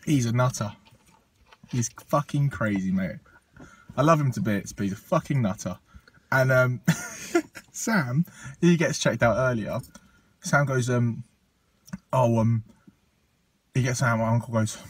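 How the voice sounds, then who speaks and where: A man's voice: medium pitch, a little slow, pauses often, slightly rough, dry recording, distant mic. A man from Portugal casually telling a rambling, sweary story on a podcast, with lots of ums and laughs.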